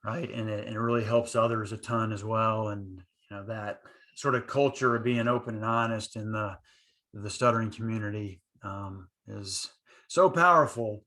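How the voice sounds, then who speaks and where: A man's voice: fairly low pitch, normal speed, bright, forceful tone. A man hosting a podcast interview, a person who stutters, speaking reflectively and in agreement with his guest. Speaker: podcast host. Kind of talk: interview chat.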